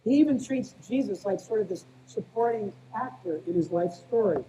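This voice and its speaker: A man preaching from the pulpit in a relaxed, chatty way, with a warm and mellow tone. He talks like a small-town guy and keeps asking his listeners "right?" A faint hiss sits under the voice. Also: high voice, normal speed, highs cut off. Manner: conversational preaching, often asks "right?"; plain-spoken, calls himself a small-town guy. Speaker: pastor. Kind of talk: sermon.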